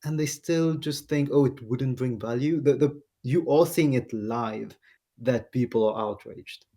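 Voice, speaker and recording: A man hosting a casual podcast, reading out online reactions in a relaxed way. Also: mid-range voice, measured pace. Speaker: podcast host.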